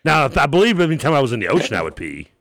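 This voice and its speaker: A man's voice: fairly high pitch, big pitch swings, very fast, fairly bright tone, no room sound, clean studio sound. A man co-hosting a radio show in casual banter, rambling through memories and often laughing. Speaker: sports radio co-host. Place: radio studio.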